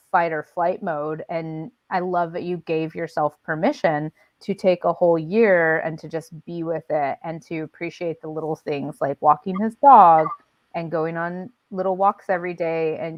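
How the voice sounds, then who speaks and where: Woman host, lowish voice, halting with "like" fillers, dull lo-fi sound. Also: no room sound. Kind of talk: live video interview.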